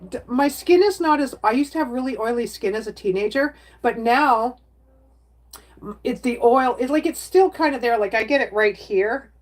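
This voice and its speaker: Middle-aged woman, casual livestream chat, rambling and chatty, webcam sound. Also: on the high side. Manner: rambling, chatty, reads out viewer comments. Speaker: livestream host chatting with viewers.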